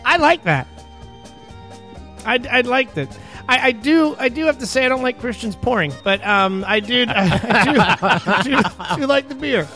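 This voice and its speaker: A man's voice: very high voice, animated, normal speed, bright, forceful tone, faint music behind. A man co-hosting a podcast, chatting and joking while tasting beers, often repeating himself. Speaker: podcast co-host. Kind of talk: casual chat while tasting beer.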